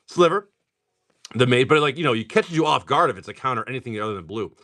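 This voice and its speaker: A man's voice: medium pitch, animated, bright, forceful tone. A middle-aged man casually chatting while opening card packs live, rattling off card names and talking to buyers. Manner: rapid card name listing, chatty asides to buyers. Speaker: live stream card seller. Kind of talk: casual pack-opening commentary.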